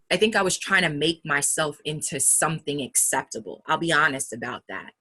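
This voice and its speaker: A woman with a New York accent and a deep, sharp voice with a breathy edge speaks frankly and emphatically. It's a casual talk about public speaking, delivered candidly.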